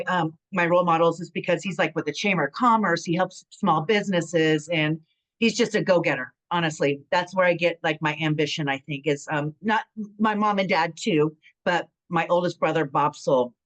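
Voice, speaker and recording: Lively storytelling woman, low voice. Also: normal speed, low-quality recording. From San Bernardino, California. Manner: animated storytelling, acts out quotes, frequent fillers. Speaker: guest, former pro wrestler. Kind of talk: casual interview chat.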